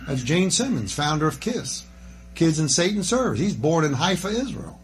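Older man preaching folksy, slightly high. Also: very animated, moderate pace, slight background noise. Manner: folksy, rambling, jokey asides. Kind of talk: preaching a sermon.

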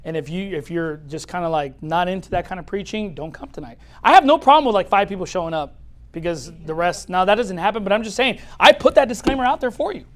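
A man preaching a sermon as pastor, swinging from loud declarations to quiet asides and laughing at his own points. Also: sits high, expressive, quick pace.

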